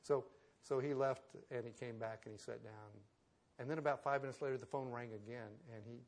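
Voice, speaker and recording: A male pastor delivering a sermon with a gravelly edge to his voice, his pitch sitting in an ordinary middle range. He tells stories in a relaxed, conversational way and then presses his points with emphatic force. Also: fairly quick. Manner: conversational storytelling that builds to emphatic preaching.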